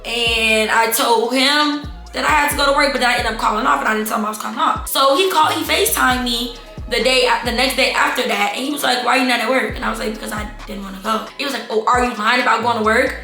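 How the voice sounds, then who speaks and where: A young adult woman telling a casual storytime vlog, animated and talking straight to her viewers as y'all and baby. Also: a little high, quick pace, echoey room, faint music behind. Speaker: storytime vlogger.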